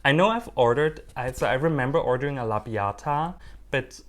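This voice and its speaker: A man vlogging casually as he unboxes plants, animated, playful and quick to mock himself. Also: medium pitch. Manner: animated, playful and self-mocking. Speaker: orchid hobbyist vlogger.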